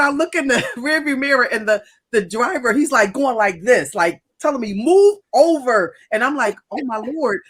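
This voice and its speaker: A woman co-host tells a story in an animated way and laughs often. Her voice sits a little higher than most. She talks in a casual chat style.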